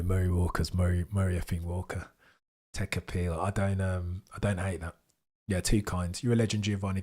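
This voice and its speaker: A man hosting a live racing watchalong, talking in a verbose, animated way with mock commentator flourishes while reading chat. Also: lowish voice. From Britain. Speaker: F1 livestream host.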